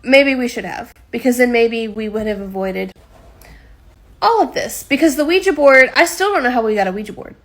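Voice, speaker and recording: A woman telling a rambling, animated story. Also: on the high side, fairly quick. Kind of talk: casual story time.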